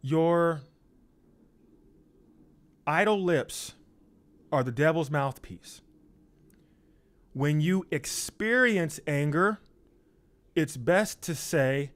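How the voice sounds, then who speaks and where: Man, informal preacher, slightly high voice, slow and emphatic delivery, repeats for effect. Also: fairly bright tone. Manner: emphatic, repeats lines, acts out quoted excuses in a higher voice. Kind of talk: informal sermon.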